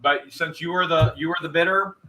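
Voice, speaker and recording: A man's voice: a little high, steady tone, fairly quick, sharp tone, slight background noise. A man hosting a live stream auction, talking straight to chat viewers with lots of energy and some repeating of himself. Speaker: host of an online storage auction stream.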